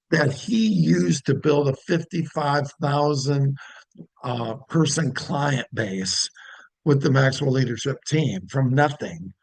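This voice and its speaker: A man with a gravelly, husky voice runs a sales training lesson. He talks emphatically and shifts his tone often, checking in with the listener as he goes. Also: mid-range voice, a little mellow, rough recording. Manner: emphatic, varies tone, asks "make sense?".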